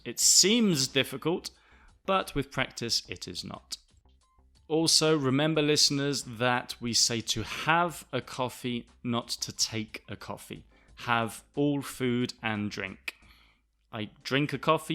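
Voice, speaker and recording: Bright-voiced Southern English teacher. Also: male voice, medium pitch. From south of England. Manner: clear, deliberate, spells words out. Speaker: English teacher, podcast host. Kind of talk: explaining vocabulary to learners.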